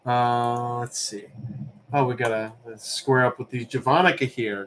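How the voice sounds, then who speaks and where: A man hosting a live-streamed auction, chatting casually in a relaxed, rambling way as he answers chat questions between calls. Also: mid-range voice, unhurried. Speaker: livestream auction host.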